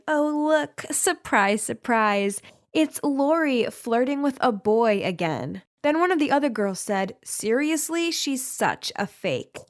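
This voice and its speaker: A young woman tells a scripted first-person story with a fairly high voice. She reads the quoted people in her own voice with only small shifts. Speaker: story narrator.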